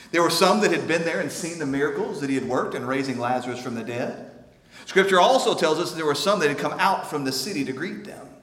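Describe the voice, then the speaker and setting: A man preaching a sermon as pastor, shifting between hushed, quiet passages and loud, impassioned ones. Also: a little high. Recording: echoey hall, long reverb.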